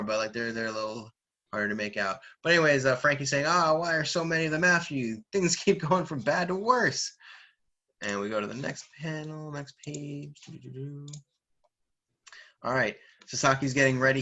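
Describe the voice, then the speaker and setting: Bright, lively male reviewer, casual, laughs a lot. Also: mid-range voice, muffled recording. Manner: lively, laughs often, fillers. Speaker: manga reviewer. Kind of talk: casual chat, reading aloud.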